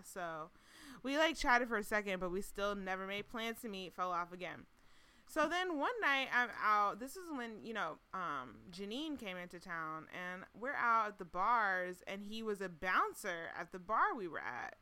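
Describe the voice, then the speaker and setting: Bright, chatty podcast woman. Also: medium pitch, animated, a little slow, clear, resonant tone. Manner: chatty, sarcastic, laughs often. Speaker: podcast co-host. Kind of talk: casual storytelling chat.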